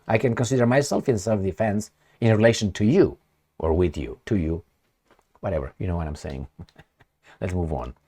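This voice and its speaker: A man with a low voice that rises and falls widely as he talks. He delivers a casual commentary monologue in an animated way, firing off rhetorical questions and sarcastic asides. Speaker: political commentator.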